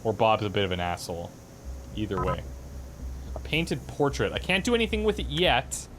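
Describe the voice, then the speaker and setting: Animated male gameplay commentator. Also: lowish voice, normal speed, background noise. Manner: animated, amused, chuckling asides. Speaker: let's play host.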